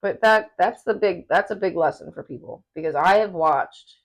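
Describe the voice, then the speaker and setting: In this relaxed podcast conversation, the female co-host spins lively stories and often breaks into laughter, speaking at a normal speed in a voice on the low side.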